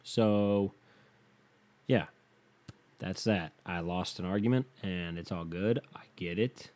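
A man's voice: low voice, slow, a little mellow. A young man telling a story in a casual, rambling way, swearing freely and restarting his sentences often. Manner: rambling, profane, restarts a lot.

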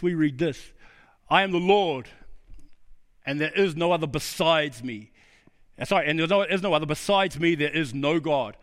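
A middle-aged man delivers a sermon in a high voice. He speaks earnestly and personally, sharing his own failings, and often sinks into a hushed, low delivery to press a point home. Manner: earnest, personal storytelling with sudden drops to a low, quiet voice. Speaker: preacher.

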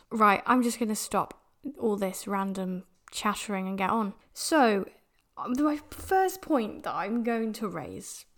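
A young British woman from the UK hosting a podcast, talking casually about a film in a chatty, rambling way. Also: medium pitch. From United Kingdom. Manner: chatty and rambling, with many restarts and fillers. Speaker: podcast host.

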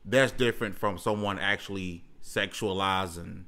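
A man hosting a gaming podcast, talking loud and excitable with lots of slang. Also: low-pitched, normal speed. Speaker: podcast host. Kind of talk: casual chat.

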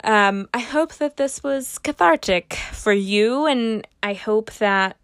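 A woman's voice: a little high, slow pace, fairly bright tone, no echo, studio quality. A young adult woman hosting a casual solo podcast, rambling and joking at her own expense. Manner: rambling, self-mocking humor. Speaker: podcast host.

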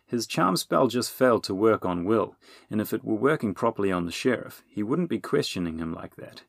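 A man's voice: fairly low pitch, lively intonation, brisk, gravelly, slightly rough, no echo, studio quality, heavily acted. A man voicing a curious little male hero who explains things and asks questions. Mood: explaining.

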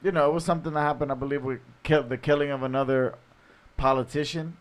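A man's voice: on the high side, steady tone, fast talker. A man co-hosting a casual podcast, laid-back, trailing off and restarting as he explains a news story. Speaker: podcast co-host. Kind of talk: casual chat.

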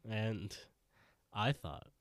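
A man with a low voice recaps a show episode in relaxed podcast chat. He acts out the characters' lines and laughs along as he goes. The recording is dry and close, with no room sound. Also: drawn-out words, no room sound. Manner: storytelling, acting out quotes, laughing often. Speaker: podcast co-host.

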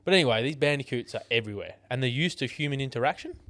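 A young Australian man co-hosting a podcast, telling animated stories full of swearing in casual chat. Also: medium pitch, racing, no room sound. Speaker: podcast co-host.

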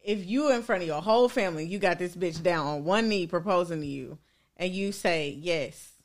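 A woman's voice: lowish voice, normal speed. A young woman, arguing her point at length in a casual chat. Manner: argumentative, explains at length.

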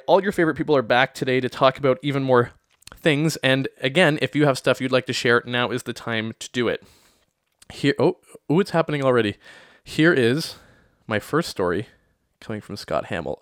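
A young adult man hosting a podcast, telling stories casually with lively acted-out quotes. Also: mid-range voice, no echo, studio quality. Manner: animated, lots of acted-out quotes and laughter. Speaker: podcast host. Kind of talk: casual storytelling monologue.

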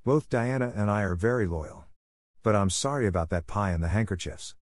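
A man's voice: on the low side, animated, brisk, no echo, clean studio sound, natural voice. A man voicing an imaginative, eager orphan girl of about eleven, talking in a breathless, dramatic rush. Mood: earnest.

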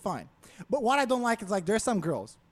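A man's voice: sits high, fast. A man on a podcast, ranting casually with a lot of swearing. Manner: profane, ranting, animated.

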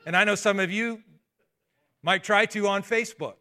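A man preaching a sermon in a high, bright voice. He talks to the congregation in a conversational way, with asides and restarts. He keeps pressing them with rhetorical questions. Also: moderate pace. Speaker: pastor.

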